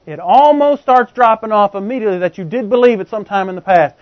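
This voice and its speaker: A man's voice: sits high, fast, no echo. A man preaching a teaching sermon in a conversational way, explaining with everyday examples and often checking that his congregation is following. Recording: slightly dull, muffled recording.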